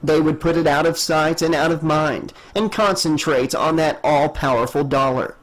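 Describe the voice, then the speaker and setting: A man narrates an audiobook with a steady, measured delivery. His voice sits fairly high for a man. He reads clearly and evenly from line to line. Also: low-quality recording.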